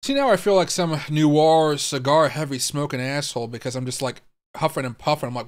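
Speaking at a fairly high pitch and a brisk pace, a young man runs a crypto live stream. He's clicking around, puzzling aloud, cursing, and chatting directly to his audience in casual live commentary.

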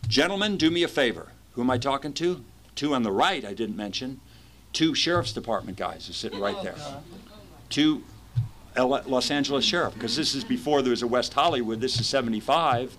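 A man's voice: medium pitch, lively intonation, a little fast, fairly bright tone. Man, 50s, recovery meeting speaker, vivid storyteller who acts out voices, mid-range voice.

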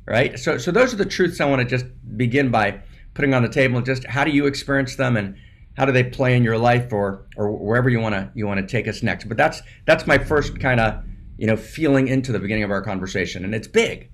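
A man speaking in a public spiritual dialogue, emphatic and full of restarts, tagging his points with quick questions. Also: medium pitch. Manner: emphatic, with many restarts and "right?" tags. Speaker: dialogue partner.

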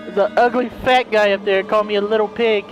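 Jumpy, high-voiced young gamer man. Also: fairly even intonation, brisk, faint music behind. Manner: jumpy, swearing, shrieks when startled. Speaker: let's play gamer. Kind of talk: live gameplay commentary.

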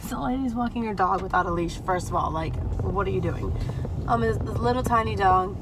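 A young woman chatting casually to camera as a fitness vlogger, animated and laughing often. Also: medium pitch, moderate pace, noisy background. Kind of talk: casual vlog chat to camera. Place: car, then gym.

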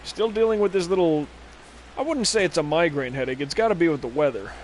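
A man's voice: a little high, animated, quick pace. A man rambles through a live game stream in a slightly raised voice, trading play calls for stray anecdotes. He swears freely and talks into a desk microphone at home. A faint hiss sits under his voice. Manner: rambling, profane, drifting off on tangents. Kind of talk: casual gameplay commentary.

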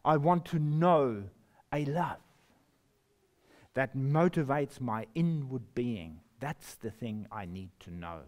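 A man preaching a sermon, reading scripture slowly and emphatically, with sudden rises and drops in his voice. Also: mid-range voice, darkish tone. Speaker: pastor.

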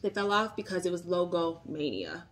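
A woman's voice: lowish voice, sing-song, normal speed. Brief: chatty woman in her thirties, bubbly and rambling, talking into a phone camera at home. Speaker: vlogger reviewing luxury bags. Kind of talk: casual chat to camera.

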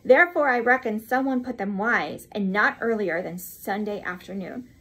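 Female reader doing an emphatic, blunt young American man, a bit husky. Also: medium pitch, normal speed, fairly bright tone, rough recording.

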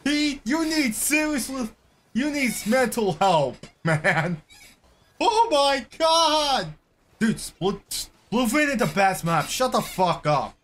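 High-voiced, excitable man reacting. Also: takes it slowly, slight background noise. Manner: loud, swearing, exclamatory. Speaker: reaction video host.

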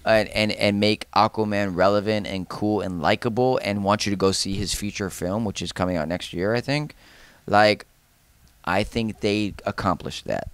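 Smooth-voiced man reviewing a film. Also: lowish voice, moderate pace, no echo. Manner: animated, repeats words when excited. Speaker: podcast co-host. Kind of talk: casual film review chat.

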